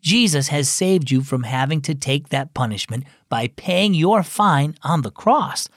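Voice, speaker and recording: A man's voice: on the high side, lively intonation, unhurried, no room sound, clean studio sound. A man hosting a children's devotional program, reading a script in a friendly, earnest storytelling way. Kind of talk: scripted narration.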